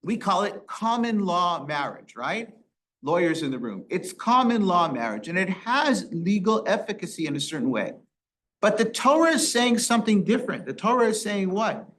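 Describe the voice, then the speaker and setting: High-voiced rabbi teaching a Torah class. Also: male voice, sing-song, moderate pace, a bit bright, a little hiss or hum. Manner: asks the class rhetorical questions and quotes Hebrew verses. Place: synagogue classroom.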